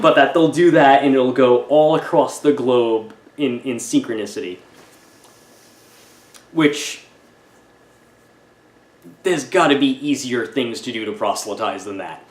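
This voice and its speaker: A man reviewing a film in a casual, sarcastic rant, halting often and restarting his sentences. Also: mid-range voice, roomy sound.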